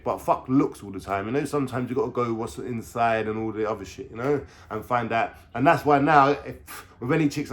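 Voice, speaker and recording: Slangy London man in his thirties. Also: mid-range voice. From England. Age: 30s. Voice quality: slangy, swearing, chatty. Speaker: vlogger. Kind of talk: casual storytime monologue.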